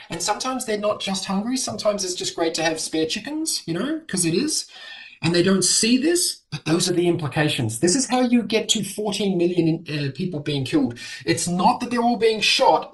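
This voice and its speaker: A middle-aged man, a historian, explaining in an animated lecture-style way as an interview guest. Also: high-pitched. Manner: animated, acts out quoted voices.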